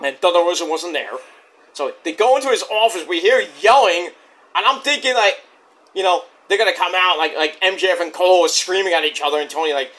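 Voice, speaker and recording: A man giving a casual, excitable wrestling review and acting out the quotes in silly voices. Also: on the high side.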